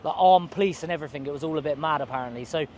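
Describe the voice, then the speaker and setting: A man's voice: on the high side, very fast, a little mellow, slight background noise. A man, telling a rambling, slangy story to camera outdoors on a city street. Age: 20s. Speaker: vlogger.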